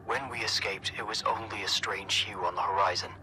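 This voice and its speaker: A man's voice: lowish voice, steady tone, fairly quick, noisy background, close to an everyday voice. A man voicing a solemn, droning male spirit with a British accent, in a horror story reading. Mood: grave.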